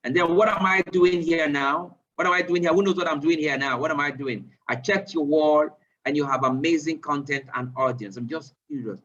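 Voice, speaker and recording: Animated man teaching on a lo-fi call. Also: fairly quick, recorded from a distance. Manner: quizzes listeners with repeated questions; animated, rising pitch when excited. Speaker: online sales trainer. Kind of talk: live online training session.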